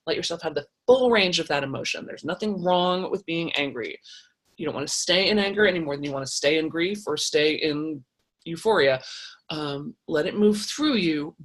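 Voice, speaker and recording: Husky-voiced woman giving frank advice. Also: on the low side. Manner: animated and frank, many restarts, swears for emphasis. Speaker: host answering viewer comments. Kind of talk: casual advice talk.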